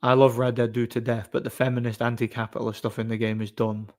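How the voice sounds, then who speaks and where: A man's voice: medium pitch, level tone, fast. A man hosting a casual livestream, rambling through stories with chuckles and frequent restarts. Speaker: livestream host.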